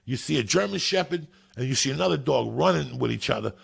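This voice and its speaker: A man's voice: medium pitch, fast. A man in his fifties, a comedian guest on a podcast, telling stories with lots of swearing and repetition for emphasis. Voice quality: gravelly, husky. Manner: animated, swears freely, repeats for emphasis. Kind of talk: profane storytelling in casual chat.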